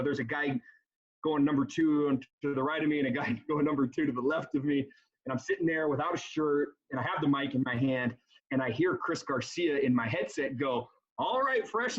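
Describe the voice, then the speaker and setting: Husky man with a rambling, animated story. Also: a little high. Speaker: basketball emcee. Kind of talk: casual storytelling on a panel. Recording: dull lo-fi sound.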